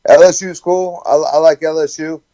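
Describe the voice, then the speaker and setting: A man's voice: on the high side, fairly even intonation, a little fast, warm tone, dull audio. A man, a guest in a casual interview, talking in a laid-back, joking way. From Alabama, USA. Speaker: professional fighter, guest.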